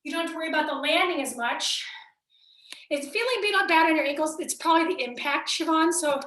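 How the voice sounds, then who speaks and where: Bright, high-pitched woman coaching a workout. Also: a little fast. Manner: upbeat, counts reps aloud and coaches form. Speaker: fitness instructor. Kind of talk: live online workout class cueing. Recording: echoey room, mic at a distance.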